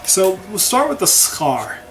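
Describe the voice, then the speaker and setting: A man's voice: high-pitched, a little slow. Man teaching a Torah class, noisy recording. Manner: conversational, keeps asking "right?". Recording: steady background noise.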